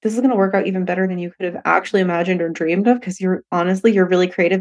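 A woman's voice: lowish voice, rapid-fire, hardly any pauses. Candid, laughing woman podcast host. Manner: candid and profane, laughing often; animated, acts out voices in quotes. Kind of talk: casual solo podcast monologue.

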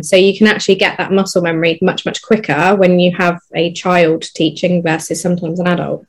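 Woman, dog trainer, lowish voice, chatty, casual panel talk. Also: flat delivery. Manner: quick, chatty, lots of fillers.

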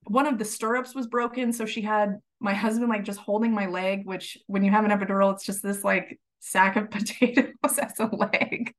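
A woman guest on a podcast, telling her story in a lively, laughing way and acting out what people said. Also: mid-range voice, normal speed, hardly any pauses. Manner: animated, laughs while telling, acts out quotes. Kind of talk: casual storytelling.

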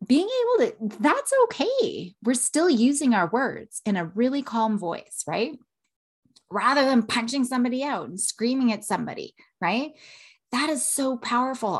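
A woman's voice: on the high side, sing-song, moderate pace, slightly rough. A woman in her thirties hosting a solo parenting podcast, earnest, with a habit of tagging "right?" onto her points. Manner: earnest, repeats "right?" often.

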